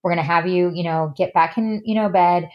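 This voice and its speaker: A woman's voice: fairly low pitch, steady tone, fairly quick, highs cut off. A woman in her thirties, a podcast guest telling a personal story in a candid, chatty way, full of "like" and "you know". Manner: chatty, heavy use of fillers like "you know" and "like".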